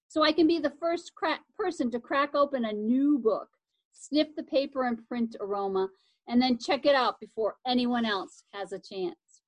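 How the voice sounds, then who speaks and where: A woman reads a children's story aloud in a somewhat high, lively voice. She voices the scenes with animation and now and then trips over a word and fixes it. The sound is close and dry. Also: normal speed, dry recording. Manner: lively expressive reading with occasional slips and self-corrections. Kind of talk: reading a children's chapter book aloud.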